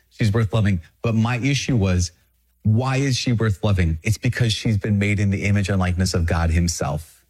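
A middle-aged man, a priest, giving an earnest, animated talk with lively self-mocking asides. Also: on the low side, husky. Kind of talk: podcast homily and video talk.

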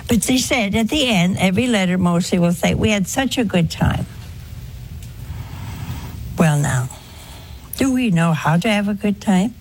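An older woman giving a conversational religious talk, folksy and gently humorous, full of rhetorical questions. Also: mid-range voice, animated, a little slow, pauses often, a little hiss or hum. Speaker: religious speaker. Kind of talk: talk to an audience on confession.

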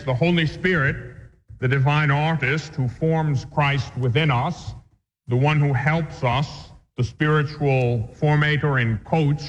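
A man, a priest, teaching a catechism class in an earnest, measured way, with homely examples. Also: medium pitch. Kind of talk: spoken catechism lesson. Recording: muffled recording with long hall reverb.

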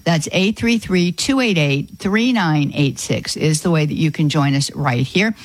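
A woman hosting a Catholic call-in radio show, folksy and quick to exclaim in sympathy. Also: low-pitched, dry recording, low-quality recording. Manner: warm-hearted, folksy, exclaims often. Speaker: radio host. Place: radio studio.

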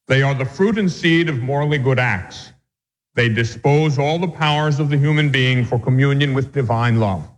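A male Catholic priest teaching a catechism class, reading definitions aloud and then explaining them with homely examples. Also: mid-range voice. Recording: long hall reverb.

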